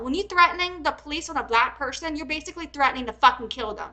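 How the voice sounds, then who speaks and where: A woman reacts on a live stream, reading messages aloud and breaking off into heated, profane rants. Her voice sits high and bright. She rambles, restarts and fills gaps with ums. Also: fast talker, poor audio. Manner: heated and profane, swings from reading calmly to angry outbursts. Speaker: commentary streamer.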